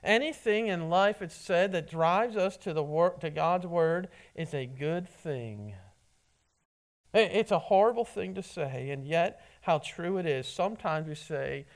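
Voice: medium pitch, animated, measured pace. A preacher giving a sermon, often stumbling and repeating words as a phrase begins.

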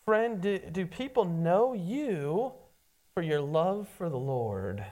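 A preacher delivering a casual, conversational sermon from the pulpit. The voice sits in a middle pitch and speaks directly to the congregation as "friend", often stumbling and doubling words as the thoughts come. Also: animated, takes it slowly, a little mellow. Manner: addresses listeners as friend, frequent stammered restarts.

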